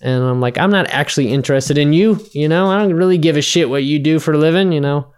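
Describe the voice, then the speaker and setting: A man's voice: on the high side, fast, a little mellow, clear, resonant tone. Man, casual drunken chat, profane, rambling, resonant voice. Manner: rambling, profane storyteller acting out bar dialogue.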